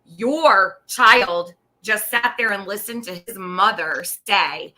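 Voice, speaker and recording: A woman's voice: medium pitch, takes it slowly, few pauses, bright, forceful tone, low-quality recording. A woman commenting on a livestream, scolding someone bluntly and repeating her points for emphasis. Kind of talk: indignant live-stream commentary.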